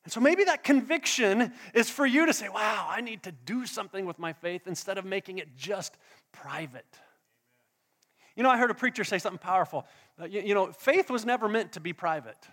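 A man's voice: high voice, animated, fairly quick, a bit bright. A man preaching a sermon as a pastor, drawing in the congregation with questions and call-and-response. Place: church hall. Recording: long hall reverb.

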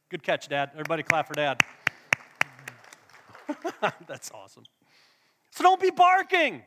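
A man's voice: fairly high pitch, wildly swooping pitch, measured pace, long pauses, very noisy. A man preaching a sermon as a pastor, drawing in the congregation with questions and call-and-response. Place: church hall. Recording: long hall reverb.

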